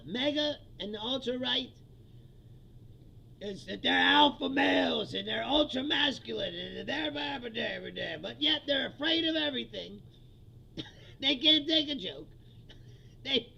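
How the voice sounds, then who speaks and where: A man's voice: very high-pitched, gravelly, pushed and bright, muffled recording. A man hosting his own livestream, ranting about politics in a heated, profane, laughing casual style. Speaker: livestream host.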